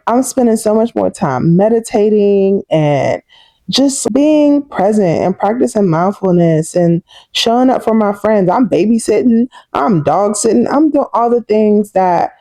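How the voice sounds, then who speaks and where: A woman in her thirties talking casually and warmly to her viewers in a personal vlog, chatty and heartfelt. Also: mid-range voice, animated, measured pace, no room sound. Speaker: vlogger.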